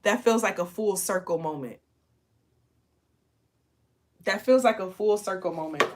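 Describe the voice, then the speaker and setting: A woman talks casually late at night, sleepy and chatty. She swears freely, laughs often and calls her listeners y'all. Her voice sits at an ordinary middle pitch for a woman. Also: unhurried, background noise. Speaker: spiritual channel host.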